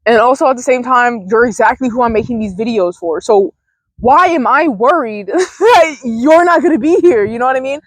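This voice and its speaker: A woman's voice: a little high, no echo, rough recording. Chatty young woman rambling outdoors. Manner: chatty, rambling, swears casually, talks fast. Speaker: mindfulness vlogger. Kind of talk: casual rambling self-help talk. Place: outdoors in a field.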